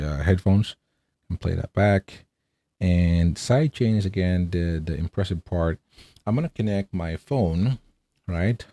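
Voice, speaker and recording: A man with a low, mellow voice talks through a product review in a loose, upbeat way. He tosses in fillers and keeps asking "right?". The sound is dry and close. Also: dry recording. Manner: chatty, enthusiastic, fillers and rhetorical "right?". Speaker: tech reviewer.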